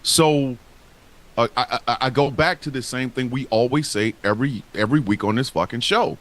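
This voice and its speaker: A man's voice: medium pitch, moderate pace, a bit bright. A man co-hosting a casual wrestling talk show, speaking in a heated, profane and emphatic way. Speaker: podcast co-host.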